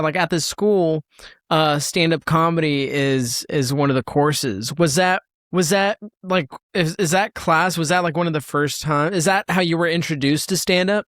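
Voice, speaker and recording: A man's voice: fairly high pitch, fairly bright tone, no echo, clean studio sound. A young man hosting a casual podcast interview, laughing easily and nudging the guest along. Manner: laughs easily, short backchannels. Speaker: podcast host.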